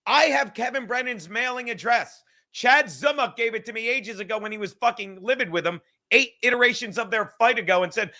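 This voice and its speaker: A podcast host with a very high, pushed, bright voice reacts to clips with a fast-building rant, sarcastic and heavy on profanity, in animated commentary.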